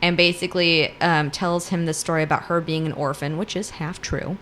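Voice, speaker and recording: A lower-voiced woman on a podcast, chatting her way through a story with loose, lively delivery. She keeps slipping into quoted dialogue and fillers like "like". A faint hiss sits under her voice. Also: a little fast. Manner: animated retelling full of "like" and quoted dialogue. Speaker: podcast co-host. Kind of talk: casual chat retelling a story.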